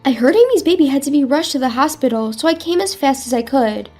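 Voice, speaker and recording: A woman's voice: high voice, lively intonation, fast, darkish tone, faint music behind, voice pushed up. A woman voicing a stern female lawyer who firmly scolds her own mother. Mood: indignant. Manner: firm and indignant. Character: stern female lawyer, protective sister-in-law.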